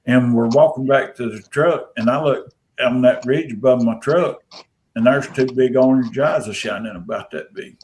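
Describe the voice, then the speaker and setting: A man's voice: medium pitch, moderate pace, a little mellow, low-quality recording. A man with a Southern US accent telling a long story in a casual, rambling, folksy way, with frequent restarts. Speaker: podcast guest telling an encounter story.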